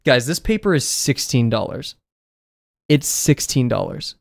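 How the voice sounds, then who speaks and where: Drawing on a livestream with just a desk mic and no camera, a man makes casual, self-deprecating chat. His voice is medium-pitched, creaky and a bit scratchy today, unhurried and swinging widely in pitch. The audio is clean studio sound without echo.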